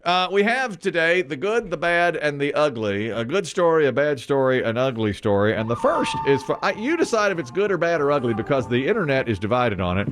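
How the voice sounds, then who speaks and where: A man's voice: a little high, sing-song, brisk, hardly any pauses, a bit bright. A man hosting a morning show, telling a story in a chatty, self-mocking way. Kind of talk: casual storytelling chat.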